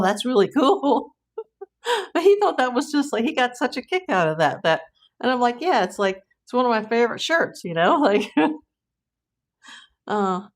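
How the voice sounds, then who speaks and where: Woman livestream host, chatty and rambling, casual, laughs easily. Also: fairly high pitch. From Southern California. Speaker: true crime livestream host. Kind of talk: casual livestream chat reading viewer comments.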